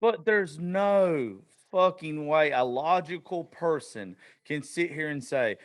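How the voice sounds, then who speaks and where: A man hosting a podcast who chats casually in an excitable, profane way, throwing in quick asides. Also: fairly high pitch. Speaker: podcast host. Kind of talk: casual chat.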